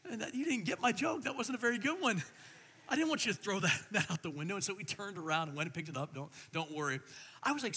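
A middle-aged man preaching a sermon as pastor, telling stories in an animated way and swinging between quiet and loud. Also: high voice, fast talker, slightly rough, in a large hall.

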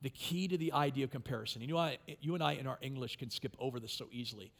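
A man preaching a sermon, moving between quiet, intimate stretches and loud, impassioned passages. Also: mid-range voice, quick pace, gravelly. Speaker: pastor.

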